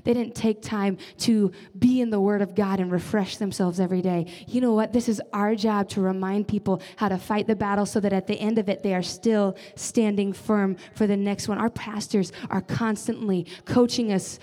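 A woman's voice: mid-range voice, warm tone. A young woman giving an earnest, conversational sermon as a church leader, often adding casual fillers. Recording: long reverb of a large hall.

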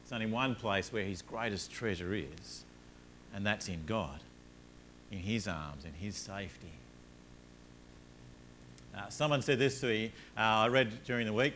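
A man preaching a sermon, telling everyday stories with rising energy, then dropping low and soft to make his points. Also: moderate pace, long pauses, slight background noise. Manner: earnest, rises animatedly in stories, drops low and soft on points. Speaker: pastor.

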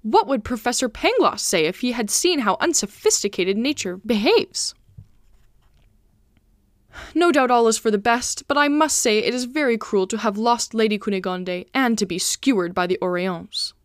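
A woman's voice: a little high, lively intonation, moderate pace, dry recording, close to an everyday voice. Naive young guy, earnest and bewildered, read by a woman, voice swinging all over, dry close sound. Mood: dismayed. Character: young male traveler, naive and easily shocked.

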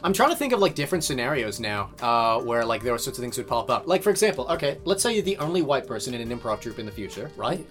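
A young man in casual chat with friends, speaking at an ordinary middle pitch. He talks in animated bursts and swears freely. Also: quick pace, hardly any pauses, faint music behind. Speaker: podcast co-host.

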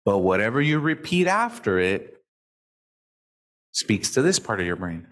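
A man giving a live motivational talk to an audience, animated and profane, acting out the people he quotes. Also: fairly low pitch, a little slow. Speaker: motivational speaker.

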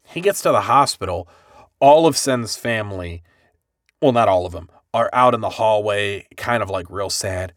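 A man co-hosting a podcast, recapping an anime in casual chat, animated and swearing freely. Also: fairly low pitch, moderate pace, no echo, studio quality. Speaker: podcast co-host.

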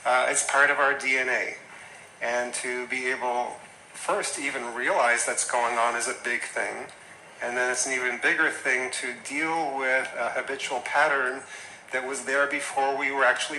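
A man gives a loose, conversational lecture on health coaching, full of asides and questions to the room. His voice is very bright and forward. The room sounds echoey, with a faint hum of ambience behind him. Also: mid-range voice. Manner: conversational, chatty with asides and mimicked quotes. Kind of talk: casual lecture to a class.

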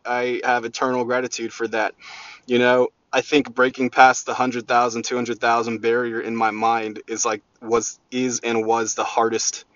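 A man's voice: mid-range voice, fairly bright tone, no echo. Man, solo podcast host, profane, brash, rambling, muffled lo-fi sound. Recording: dull lo-fi recording.

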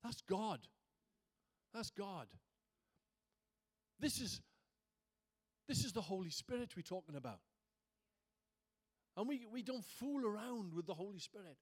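A pastor with a strikingly high voice gives an animated sermon at a moderate pace, leaving long pauses. What begins as conversational talk with the congregation grows into fervent, emphatic pulpit preaching.

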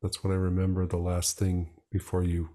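A man hosting a conversational podcast interview, talking in a casual, halting way with many fillers. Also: low voice, completely flat delivery, mellow. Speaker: podcast host.

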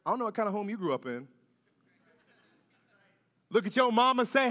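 A man's voice: high voice, very animated, normal speed, long pauses, a bit bright. A male pastor preaching a sermon in a church, with conversational asides and questions to the congregation. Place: church sanctuary. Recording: long reverb of a large church hall.

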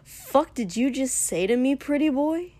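A woman's voice: medium pitch, animated, unhurried, darkish tone. A woman voicing a crude, hot-tempered young man in a fantasy story, snarling taunts.

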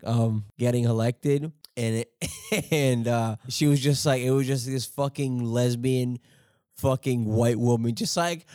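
A young man hosting a podcast, talking in a halting, profane, rambling monologue and laughing often. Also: medium pitch, a little mellow, no echo, studio quality. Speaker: podcast host.

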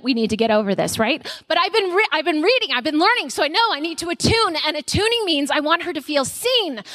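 A woman speaker giving a conversational sermon to mothers at a conference, telling personal stories with animated delivery. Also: sits high, dry recording. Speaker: mother of young children.

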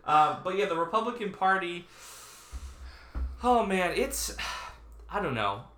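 In an echoey room, a man with a high, sing-song, somewhat bright voice co-hosts a podcast of casual political chat at a slightly slow pace. He rambles, restarts his sentences, and laughs at his own jokes.

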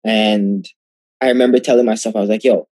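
Husky young man telling his story. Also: on the low side, a little fast, dry recording. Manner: animated, acts out quoted exchanges. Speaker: guest athlete. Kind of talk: casual storytelling interview.

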